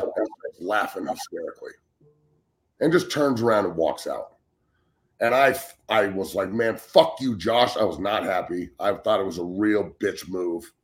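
A man in his forties, a former football player and show guest, ranting bluntly and with heavy swearing, often restarting his words. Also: fairly low pitch. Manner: blunt, heated and heavily profane; repeats words when starting sentences. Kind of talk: casual sports talk show rant.

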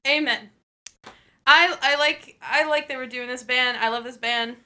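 A young woman co-hosts a podcast in easy, casual chat. She giggles often and tells her stories with animated energy. Her voice sits a little high and sounds bright. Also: unhurried. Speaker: podcast co-host.

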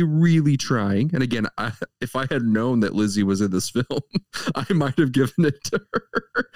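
A man's voice: on the low side, a little mellow, no echo. A man co-hosting a casual movie review podcast, talking in an easygoing, somewhat hesitant way. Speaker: podcast co-host.

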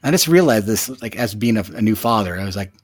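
A man in his thirties, a new father, telling a personal story in a reflective, halting way with many fillers. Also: lowish voice, expressive, dry recording. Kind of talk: casual storytelling.

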